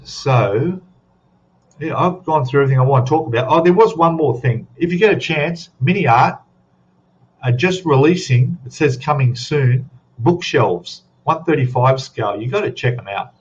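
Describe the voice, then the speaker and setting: Australian male stream host, mid-pitched, casual and rambling, dull lo-fi audio. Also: moderate pace. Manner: rambling, chatty, tags questions with "eh?". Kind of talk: casual chat to a live audience.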